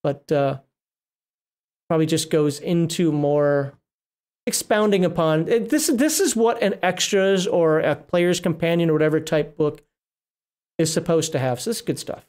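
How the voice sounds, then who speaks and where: A man's voice: on the high side, normal speed, a little mellow. A middle-aged man hosting a casual livestream, reading rules aloud and rambling, often breaking off mid-word. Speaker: livestream host reviewing a tabletop RPG book.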